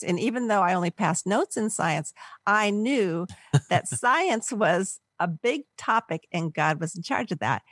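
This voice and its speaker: An older woman from the Los Angeles area, a podcast guest, telling a personal story in an animated way and acting out the voices of people she quotes. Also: mid-range voice, measured pace, no echo, clean studio sound. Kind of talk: storytelling in a conversational interview.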